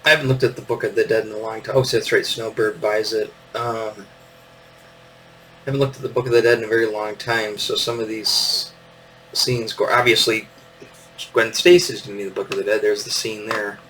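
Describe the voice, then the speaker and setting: A man's voice: fairly low pitch, flat delivery, brisk, pushed and bright, distant mic, a little hiss or hum, rough recording. A man in his fifties hosting a casual show-and-tell, meandering with lots of fillers and little chuckles. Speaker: podcast host.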